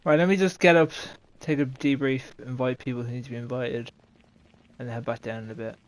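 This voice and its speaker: Streaming a game, a man chats casually with friends, breaking into laughter and swearing. He has a steady, medium-pitched voice and talks fairly quickly.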